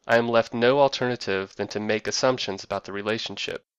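A man reading a scripted narration with a dry, wry deadpan delivery. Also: on the low side, fast, clear, resonant tone, dry recording, muffled recording.

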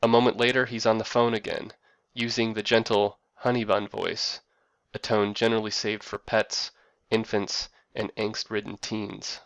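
A man reading a scripted narration with a dry, wry deadpan delivery. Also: lowish voice, normal speed, no room sound.

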